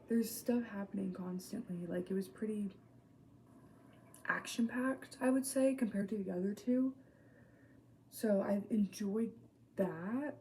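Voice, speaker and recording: A woman's voice: medium pitch, mellow, slight background noise. A young woman vlogging casually about a book she is reading, blunt and swearing freely, with trailing, hesitant asides. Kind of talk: casual chat to camera.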